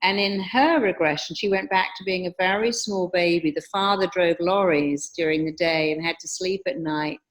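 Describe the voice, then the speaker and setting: A woman, a hypnotherapist explaining her ideas calmly and emphatically in an interview. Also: fairly low pitch, normal speed, hardly any pauses. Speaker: hypnotherapist and guest speaker. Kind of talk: teaching in an interview.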